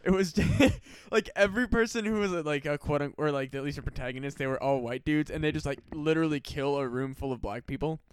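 A man's voice: on the high side, fast talker, hardly any pauses, smooth. A man co-hosting a casual podcast, laid-back and swearing a lot, mostly with short reactions. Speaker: podcast co-host.

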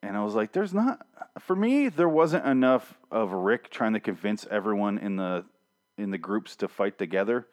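A man's voice: on the low side, animated, normal speed. A young man hosting a casual solo review podcast, talking sarcastically and swearing freely as he mocks an episode.

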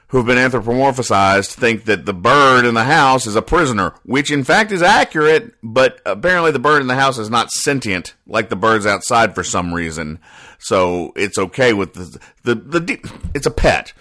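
A man reading comic strips aloud and explaining the jokes in a rambling, deadpan way, with sighs and trailing asides. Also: moderate pace. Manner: rambling, dry, sighing, trailing off low.

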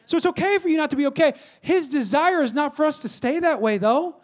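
A man in his thirties preaching a sermon, energetic, repeating phrases and calling on the congregation to respond. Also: brisk. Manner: drops low and quiet when telling a story. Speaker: pastor.

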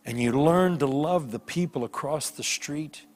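A man preaching a sermon as a guest preacher, telling stories with lively voiced characters. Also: on the high side, unhurried. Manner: animated storytelling with voiced characters. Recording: long hall reverb.

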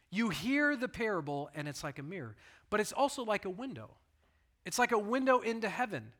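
Bright-voiced, animated man preaching. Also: high-pitched, a little fast. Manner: animated storyteller, voices the people in his stories. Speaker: pastor. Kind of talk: sermon.

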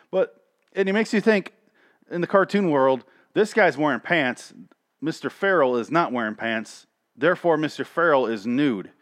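A man's voice: medium pitch, fairly bright tone, no echo, clean studio sound. A man recapping a cartoon in a crude, rambling comedic rant that grows exasperated.

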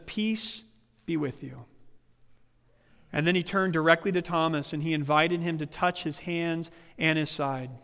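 A male pastor delivers a sermon in a church sanctuary. His voice sits high and animated, shifting into playful quoted voices, and it carries a long hall reverb.

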